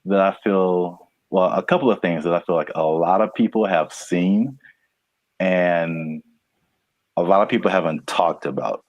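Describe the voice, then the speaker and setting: A man from California co-hosting a casual podcast, laid-back and quick to laugh, often trailing off mid-sentence. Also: sits low, dry recording, muffled recording. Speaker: podcast co-host.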